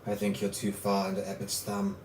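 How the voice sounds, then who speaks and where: A cold, commanding lord of darkness speaks in a low, hushed, menacing murmur, as a game master puts him on. The voice echoes in the room, with faint ambience behind it. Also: male voice, completely flat delivery, a little fast, noisy background, lightly acted.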